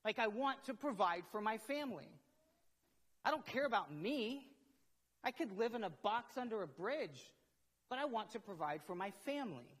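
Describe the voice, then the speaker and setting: A man's voice: high-pitched, expressive, normal speed, fairly bright tone. A middle-aged man, preaching a conversational sermon as a pastor, asking himself questions and repeating words as he builds up. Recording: long hall reverb.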